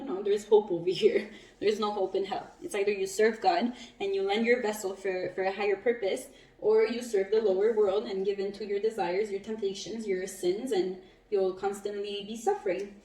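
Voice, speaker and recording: A woman giving a casual spiritual tarot reading, chatty and quick to laugh, with some casual swearing. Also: medium pitch, level tone, mellow. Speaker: tarot reader. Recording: roomy echo, mic at a distance.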